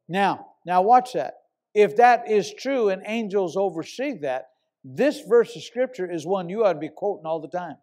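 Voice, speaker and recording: A man's voice: high voice, lively intonation, normal speed, a little mellow. A middle-aged man, a pastor, preaching a sermon and telling a story with emphatic, repeated words.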